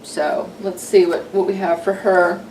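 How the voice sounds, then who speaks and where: A woman's voice: lowish voice, level tone, unhurried, a little mellow, echoey room, a little hiss or hum. A woman vlogging in a chatty, self-deprecating way. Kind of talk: casual comedic vlog.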